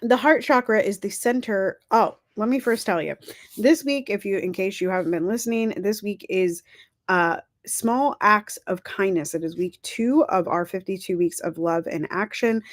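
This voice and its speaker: A woman's voice: fairly low pitch, no echo. A woman hosting a casual livestream, talking in a chatty, encouraging way, correcting herself as she goes, her throat dry. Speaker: livestream host.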